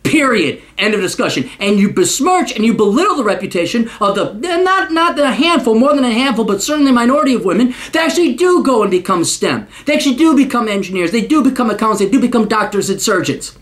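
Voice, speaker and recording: A man's voice: very high-pitched, lively intonation, fast, hardly any pauses, a bit bright. Profane, sarcastic man on a rant. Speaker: host. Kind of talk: ranting monologue.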